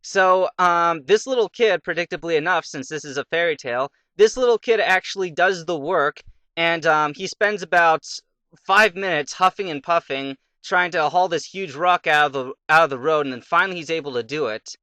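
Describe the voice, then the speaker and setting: A young man talks his way through a video game, drifting between a half-remembered fairy tale and muttered reactions to the battle. His voice sits a little high and sounds bright and tense. It is recorded close and dry, with no room sound. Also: normal speed, no echo. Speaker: let's play commentator. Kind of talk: casual gameplay commentary with storytelling.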